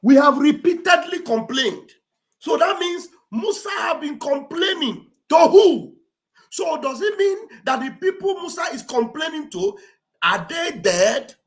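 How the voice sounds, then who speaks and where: A woman's voice: high voice, expressive, unhurried, a bit bright. A woman giving mocking, exclamatory livestream commentary, repeating phrases for emphasis. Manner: acts out quoted speech with theatrical delivery.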